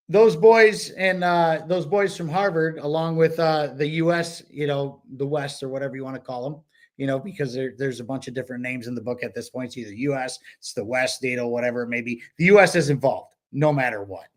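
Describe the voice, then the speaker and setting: A man with a mid-range voice, speaking a little fast, co-hosts a book club podcast. His casual discussion rambles loosely, full of fillers and restarts.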